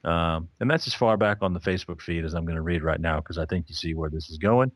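A man's voice: low voice, quick pace, dry recording. A man hosting a casual podcast, laid-back with dry humor as he reads out plugs. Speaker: podcast host. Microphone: new microphone.

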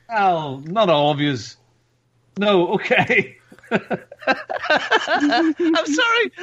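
A man hosting a casual gaming podcast, chatty and quick to laugh. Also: high-pitched, fairly bright tone. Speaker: podcast host. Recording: slightly dull lo-fi sound.

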